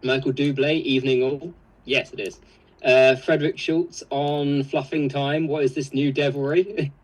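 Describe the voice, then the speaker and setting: A man's voice: medium pitch, level tone, moderate pace, rough recording. A man co-hosting a live stream, reading viewer comments aloud in a casual, chuckling way. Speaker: co-host reading live chat.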